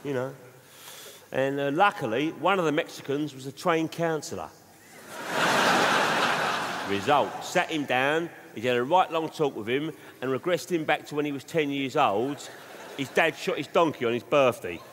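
A man's voice: medium pitch, moderate pace. A man, a comedian, performing live stand-up, telling rambling anecdotes in a conversational way. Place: live theatre stage. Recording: reverberant live hall with noise.

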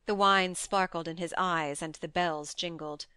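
Woman with a smooth audiobook narration voice. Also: lowish voice, steady tone, a little slow, sharp tone, no room sound. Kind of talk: scripted narration.

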